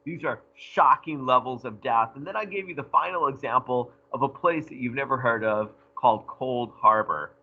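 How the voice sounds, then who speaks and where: A male history teacher giving a recorded lecture, animated and jokey, talking straight to his students. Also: mid-range voice, moderate pace, hardly any pauses, phone-quality sound.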